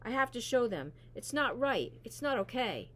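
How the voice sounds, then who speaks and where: A woman's voice: fairly high pitch, very animated, a bit bright, a little hiss or hum, voice pushed up. A woman doing a drunk, slurring teenage girl. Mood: tipsy. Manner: slow, slurred and sing-song.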